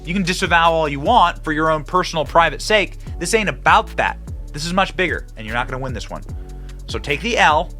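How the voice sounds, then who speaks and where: A male host giving online political commentary, emphatic and mocking, with big swings in pitch and loudness. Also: expressive, fairly quick, faint music behind.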